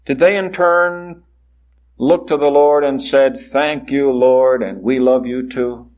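A man preaching a sermon, swinging from soaring lines to hushed ones and acting out the voices he quotes. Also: mid-range voice, steady tone, slow, dull audio. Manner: dramatic rises and hushed drops, acts out quoted voices.

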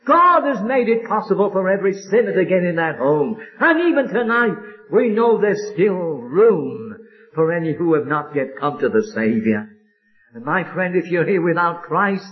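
Man preaching, fervent, drawn-out emphasis, lively swooping voice, dull lo-fi sermon recording. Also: high-pitched.

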